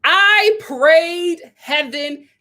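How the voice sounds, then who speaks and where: A woman's voice: extremely high pitch, animated, extremely slow, bright, forceful tone. A woman hosting her own vlog, chatting casually and emphatically as she tells a story and acts out the voices of other people. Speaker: vlog host and actress. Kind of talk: casual opinion chat.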